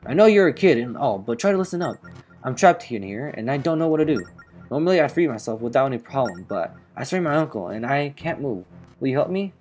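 A man's voice: medium pitch, lively intonation, fast talker, a little mellow, soft background music, pitched above the performer's own voice, close to an everyday voice. A man reading out a bossy boastful sea captain. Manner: boastful, bossy, reading game text aloud. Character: brash male sailor captain, boastful and pushy.

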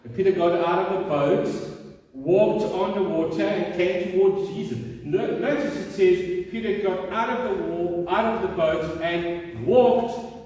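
A man's voice: high-pitched, measured pace, darkish tone. A middle-aged male pastor preaching a sermon in a conversational way, asking the room questions and restarting his sentences. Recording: echoey hall from far off.

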